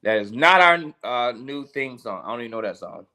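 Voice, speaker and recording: A man's voice: medium pitch, expressive, normal speed, sharp tone. A man, a pastor, giving a casual livestream devotional. He greets viewers by name between points and repeats key lines for emphasis.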